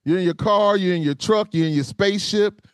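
An older man hosting a podcast interview, talking in an animated, casual way, laughing often and calling his guest "man". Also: high-pitched, brisk, no echo, studio quality. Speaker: podcast host.

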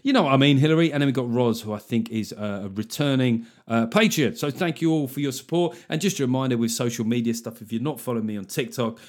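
A man's voice: mid-range voice, fast, few pauses. A man hosting his podcast, riffing and joking in casual chat, swearing freely. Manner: jokey, swearing, riffing on names. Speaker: podcast host.

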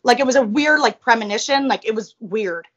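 A woman with a high voice tells a personal story in a casual interview. She is blunt and profane, with plenty of animation. The recording sounds a little muffled. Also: brisk, a bit bright, husky. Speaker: interview guest.

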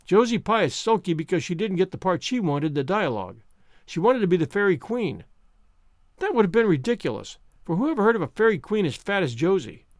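A man voicing a chatty, dreamy, excitable orphan girl in a storybook reading, speaking in a gushing, romantic way. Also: sits high, a little fast, no room sound, studio quality. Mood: eager.

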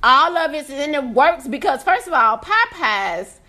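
Woman, live food-review rant; loud, profane, swooping and animated delivery, bright edge. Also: high voice, normal speed. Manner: laughs through her complaints. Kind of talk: casual ranting review.

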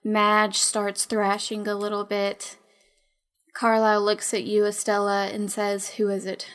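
A woman narrating a tabletop game as game master, in unhurried, descriptive narration. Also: mid-range voice, completely flat delivery, fairly bright tone, clear, resonant tone.

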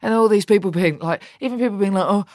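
A woman with a Birmingham English accent talks candidly in an interview. She is blunt and animated and swears freely. The sound is dry and close. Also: mid-range voice, fast talker, no room sound. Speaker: politician guest.

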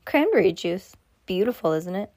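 A woman reading a storybook aloud, giving the lines of a smug, sarcastic male villain who makes calm threats. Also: mid-range voice, moderate pace, dry recording, studio quality. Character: sly menacing male villain chef. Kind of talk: read-aloud storybook dialogue.

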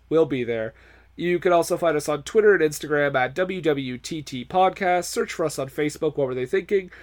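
Rambling joking man hosting a podcast. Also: fairly high pitch. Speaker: podcast host. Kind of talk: casual chat.

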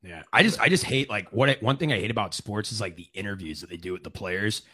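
A young man from St. Louis hosting a casual live podcast, chatty and animated. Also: fairly low pitch, fast, husky. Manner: animated, mocks interviews with quoted voices. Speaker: podcast host.

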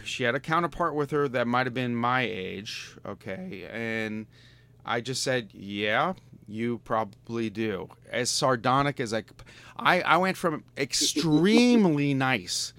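A man's voice: medium pitch, animated, unhurried, a bit bright, clean tone. Exasperated man in his fifties ranting. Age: 50s. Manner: exasperated, profane, stammering restarts. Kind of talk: casual ranting storytelling.

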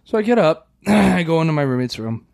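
A man's voice: a little high, a little fast, creaky. A man co-hosting a podcast, telling a story in casual chat, acting out voices, swearing and laughing often. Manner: animated, acts out quoted voices, swears a lot, laughs often. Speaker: podcast co-host.

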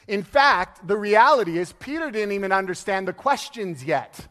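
Male pastor, high voice, animated sermon storyteller, long hall reverb. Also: moderate pace, few pauses. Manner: lively, laughing storyteller acting out quotes.

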